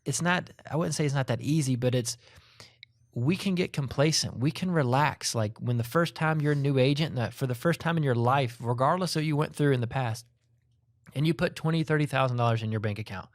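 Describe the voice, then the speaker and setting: A middle-aged man talks in a casual, rambling way, starting thoughts over and circling back as he goes. His voice sits at an ordinary pitch. The recording is dry and close, with no room sound. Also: quick pace, no echo. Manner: rambling, restarts thoughts mid-sentence. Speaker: podcast co-host. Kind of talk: casual chat.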